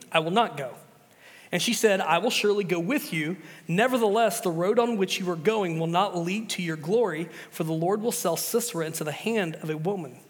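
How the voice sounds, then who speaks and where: A pastor with a high, light voice preaches in a loose, conversational way, stumbling over words and circling back mid-sentence. His voice rings out with a long reverb from the church sanctuary. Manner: casual, chatty preaching with many restarts. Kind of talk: sermon.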